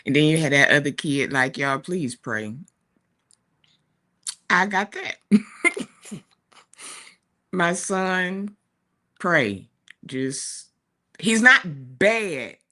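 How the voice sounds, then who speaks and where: Woman talk show co-host, forties, slow chatty storyteller, bright voice. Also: fairly low pitch, expressive. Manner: chatty, warm storytelling with laughs and asides. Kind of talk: casual chat. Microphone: streaming studio mic.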